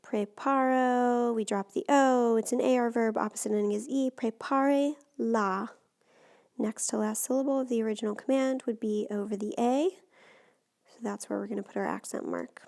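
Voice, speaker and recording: A woman's voice: fairly high pitch, steady tone, normal speed, vocal fry, a little mellow. A woman teacher explaining Spanish grammar step by step in a patient, recorded lesson.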